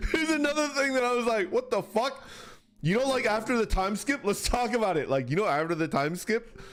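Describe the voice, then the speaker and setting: A man streaming, chatting casually with viewers, rambling and swearing through animated rants. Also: high voice, a little fast, faint music behind. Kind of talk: casual chat reacting to viewers.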